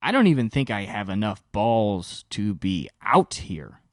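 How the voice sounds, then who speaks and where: A young man hosts his own podcast and tells a rambling story, animated and exasperated, with plenty of swearing. His voice sits fairly low but jumps all over in pitch. The sound is close and dry, with no room around it. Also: measured pace, dry recording. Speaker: podcast host. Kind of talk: solo storytelling monologue.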